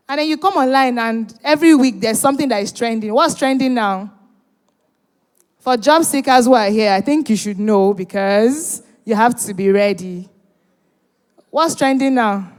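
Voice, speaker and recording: A high-pitched woman emcees a live event into a handheld mic. She is animated and playful, coaxing the crowd to answer and cheer. Her voice rings out with the long reverb of a big hall. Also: moderate pace, smooth. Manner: animated, teasing, urging the crowd. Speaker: event host. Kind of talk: hosting a live event, bantering with the audience.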